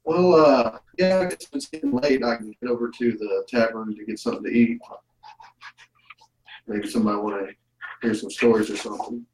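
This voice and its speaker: A man's voice: mid-range voice, fairly quick, darkish tone, slight background noise. A man playing a character in a tabletop game, speaking casually. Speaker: player. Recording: distant, roomy mic.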